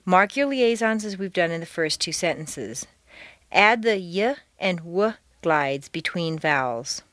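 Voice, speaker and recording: A woman's voice: lowish voice, lively intonation, a little slow, a bit bright, no echo. A woman reading a scripted training audio lesson, drawing words out and linking them in an exaggerated way. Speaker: accent training instructor.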